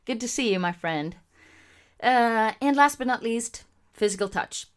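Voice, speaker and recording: A woman's voice: on the high side, measured pace, clean tone. Chatty woman hosting a podcast. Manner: chatty, animated, gives shout-outs to live viewers. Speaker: podcast host. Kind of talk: casual podcast talk. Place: home recording setup, also streaming live.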